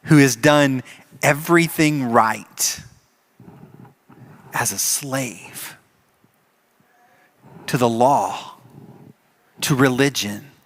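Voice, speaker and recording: Animated pastor preaching a sermon. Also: male voice, mid-range voice, very slow, long pauses. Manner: animated storytelling, acts out the characters. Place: church.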